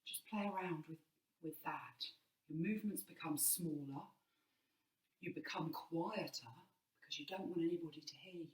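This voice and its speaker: A woman's voice: low voice, moderate pace, a little mellow. A woman drama teacher giving an online movement lesson indoors, encouraging and demonstrating as she explains. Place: indoor room. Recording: roomy, mic at a distance.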